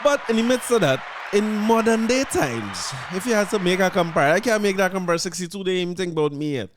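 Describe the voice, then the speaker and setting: A man's voice: high-pitched, lively intonation, a little fast, crowd noise, background noise. A man with a Trinidadian accent hosting a podcast in a loose, conversational way, often repeating words as he finds his phrasing. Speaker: podcast host. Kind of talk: casual commentary.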